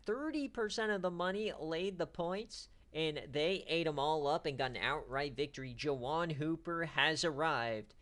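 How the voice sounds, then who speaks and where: Male stream host, bright punchy voice, hype-man sports commentary with trash talk. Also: fairly high pitch, moderate pace, few pauses. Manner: excitable, trash-talking, casual slang. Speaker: online dynasty league streamer.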